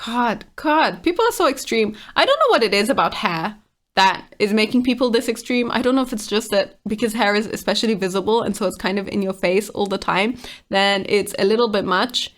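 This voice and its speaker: A woman's voice: medium pitch, expressive, fairly quick. A woman giving casual, exasperated commentary while reading out online comments, often laughing.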